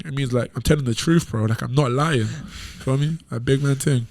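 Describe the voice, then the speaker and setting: A man's voice: medium pitch, fast, gravelly, few pauses. A young man from England with an English accent, a podcast guest chatting casually and telling stories with a lot of slang. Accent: English, London slang. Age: young adult. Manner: animated, laughing storyteller, heavy slang. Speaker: podcast guest, college basketball player. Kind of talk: casual chat.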